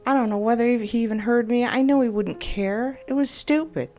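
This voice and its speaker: A woman talks through a frustrating encounter in a loose, rambling monologue. She sounds upset and exasperated and keeps doubting herself. Quiet music plays underneath. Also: fairly high pitch, normal speed. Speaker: game video creator. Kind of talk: personal venting monologue. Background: faint background music.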